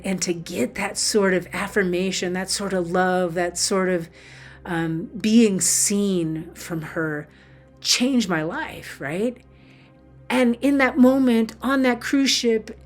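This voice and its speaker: A woman spiritual teacher telling a heartfelt personal story in an earnest, emotional way, with many fillers. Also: medium pitch.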